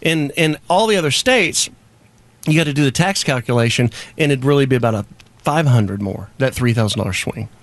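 A man with a Texan accent, a guest on a studio chat show, telling jokey stories in a drawling, animated way. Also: medium pitch, a little fast, dry recording. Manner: animated storyteller, drawling and joking.

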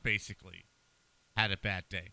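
A man co-hosting a sports talk show, amused and animated in casual banter. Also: sits low, moderate pace, gravelly, dry recording. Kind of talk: casual sports radio chat.

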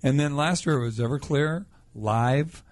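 A man's voice: medium pitch, a little slow. A middle-aged man, a musician guest on a radio show, talking in an easygoing, joking way and laughing often. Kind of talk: casual radio interview.

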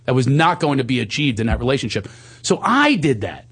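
A man candidly telling a personal story in conversation, animated, sometimes quoting himself in higher voices and dropping low and soft at tender moments. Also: fairly quick, breathy edge.

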